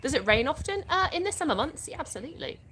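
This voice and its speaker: A woman's voice: high-pitched, sing-song, quick pace. Chatty English woman, noisy outdoor stream. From England (born in the US). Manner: reads viewer questions aloud, then answers chattily with laughs. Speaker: live-stream host. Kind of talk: casual live-stream Q&A. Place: outdoors in the sun.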